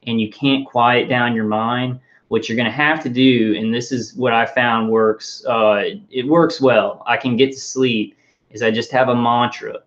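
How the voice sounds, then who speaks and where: A man speaks straight to his viewers in a loose, rambling monologue. He often stalls, repeats words and reaches for fillers before going on. His voice sits in an ordinary middle pitch, and the audio is muffled and lo-fi. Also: little pitch movement, fairly bright tone. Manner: rambling, halting, many restarts and fillers. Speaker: vlogger.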